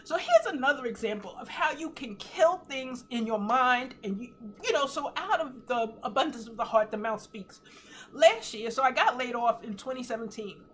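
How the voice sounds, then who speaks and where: A woman in her fifties speaks on a home live stream in a fairly high voice, earnest and teary. Her pitch swings up when she is moved. A faint hiss sits under her voice. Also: normal speed. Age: 50s. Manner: earnest and emotional, tearful at times, animated swings in pitch. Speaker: host of a faith livestream. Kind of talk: casual live talk, testimony.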